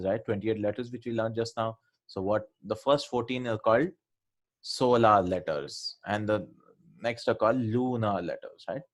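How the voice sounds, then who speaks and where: Man teaching an Arabic lesson. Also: on the low side. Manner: explanatory, checks in with "right?" often. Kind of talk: classroom revision lesson.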